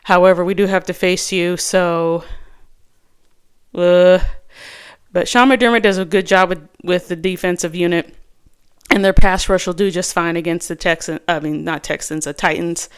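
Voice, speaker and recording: Casual woman host with a smooth voice. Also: on the low side, steady tone, normal speed. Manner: rambling, many restarts and fillers. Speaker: fantasy football podcast host. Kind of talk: casual solo chat.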